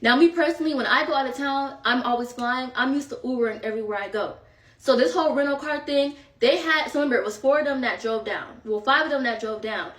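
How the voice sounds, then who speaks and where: A young storytime vlogger rambles through a tale for her viewers, chatty and full of filler, with frequent asides to the audience. Her voice is high and fairly bright, and she talks quickly. The recording sounds echoey, as if she sits far from the mic in a reverberant room.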